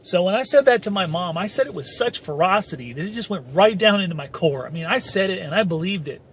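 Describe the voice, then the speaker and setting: A man hosting a motivational channel, telling a personal story emphatically while touring a neighborhood outdoors on a handheld camera, with rambling "and, uh" pauses. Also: high voice, lively intonation, husky. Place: outdoors, moving through a residential neighborhood. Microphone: handheld camera filming as he goes.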